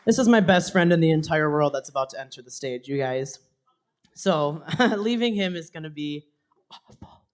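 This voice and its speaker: A man's voice: on the high side, expressive, moderate pace. A young man on a theater stage giving a heartfelt thank-you speech to a live audience, his voice sometimes dropping to a whisper and breaking into laughs. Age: young adult. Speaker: stage performer thanking family.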